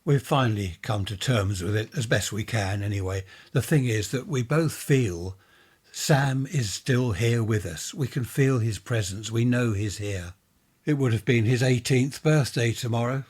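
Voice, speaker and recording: A man reading a ghost story aloud, voicing a gentle, talkative middle-aged woman who rambles and sighs. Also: medium pitch, a little slow, breathy edge. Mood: chatty, sorrowful. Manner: warm, rambling, sighing.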